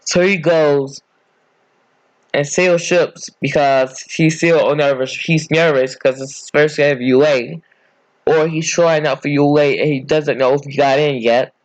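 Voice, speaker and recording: A man's voice: on the high side, fairly even intonation, measured pace, no room sound. Rambling man telling a fan story. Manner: rambling, self-correcting, casual. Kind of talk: improvised fan story narration.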